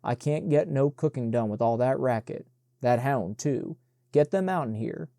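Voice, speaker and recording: A man reading the part of a sharp-tongued young servant woman who scolds and gossips, in a mellow, dry voice. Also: mid-range voice, normal speed, vocal fry, dry recording, close to an everyday voice. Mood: sharp, scolding.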